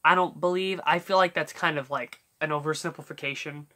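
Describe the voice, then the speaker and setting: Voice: medium pitch, steady tone, a little fast, pushed and bright. A YouTuber casually explaining how to do cartoon voice impressions, rambling and full of fillers as they think aloud. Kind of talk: casual tutorial talk.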